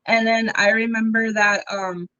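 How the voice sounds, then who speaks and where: A young woman, a podcast guest, telling her own story in a casual, animated way, acting out what people said, with ums and laughs along the way. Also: fairly high pitch, measured pace, muffled recording. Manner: animated, acts out quoted dialogue, frequent ums and laughs. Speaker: interview guest.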